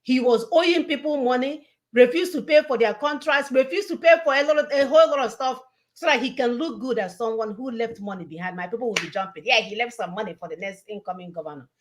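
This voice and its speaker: A woman with a fairly high voice delivers a fiery political talk. She hammers home warnings and repeats her points like a preacher. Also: a little fast. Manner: preachy, emphatic, repetitive warnings. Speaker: online show co-host.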